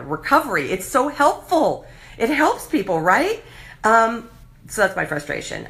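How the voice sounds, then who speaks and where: Passionate, animated woman host. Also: on the low side. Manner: passionate, animated, acts out voices of others. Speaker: live show host. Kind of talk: animated casual monologue.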